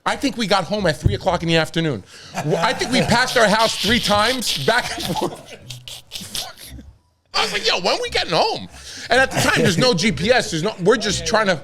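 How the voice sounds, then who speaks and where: Man, podcast host, casual storytelling, profane, animated, a bit high-pitched. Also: fairly quick, a crowd in the background. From New York.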